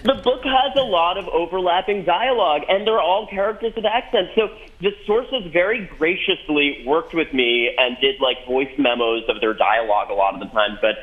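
A man's voice: fairly high pitch, moderate pace, hardly any pauses, phone-quality sound. A man being interviewed remotely as a guest, wry and self-deprecating, laughing often. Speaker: guest, journalist.

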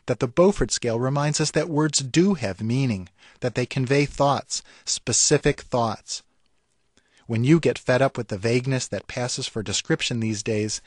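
A man, a writer, reading his own scripted radio commentary in a wry, measured way that savors the words. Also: mid-range voice, no echo, clean studio sound.

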